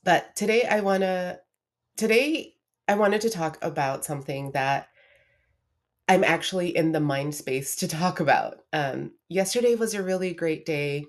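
A woman's voice: fairly low pitch, a little slow. A young woman hosting her own podcast, talking candidly about a hard week in a casual, confessional way with lots of restarts. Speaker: podcast host. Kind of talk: casual personal monologue.

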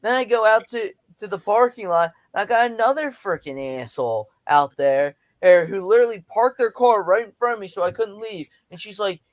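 A man's voice: sits high, lively intonation, a little fast, hardly any pauses, dry recording. A man on a podcast ranting through an everyday story with plenty of swearing. He acts out the lines of the people in it. His voice sounds close and dry, with no room around it. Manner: profane, ranting, acts out quotes. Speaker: podcast guest. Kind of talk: casual storytelling.

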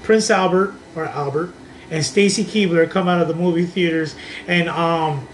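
A young man with a somewhat high voice talks on a podcast. He rambles through his story with many restarts. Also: moderate pace, a little hiss or hum. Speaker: podcast co-host. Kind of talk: casual chat.

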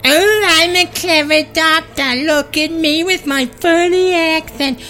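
Sketch comedy: actress as petty mocking doctor, shrill and whiny. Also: female voice, a little slow, pushed and bright, faint music behind, heavily acted. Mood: sneering. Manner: whiny, sneering mimicry.

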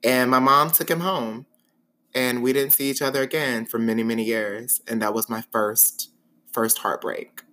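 Bright-voiced, dramatic male podcast host. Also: medium pitch, moderate pace. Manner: dramatic, expressive storyteller; frank and sassy. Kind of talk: candid podcast monologue.

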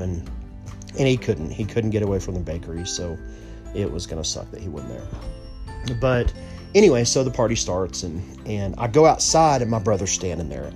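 A man tells a personal story at an easy, casual pace. He rambles, corrects himself and goes off on asides. Soft music plays faintly behind him. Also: on the low side, big pitch swings, normal speed. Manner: rambling, many restarts and asides.

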